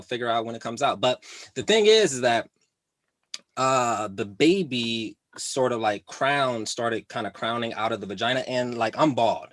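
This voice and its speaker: A man's voice: lowish voice, a bit bright, dry recording. A man doing a stand-up comedy set, with a laid-back, rambling delivery full of fillers.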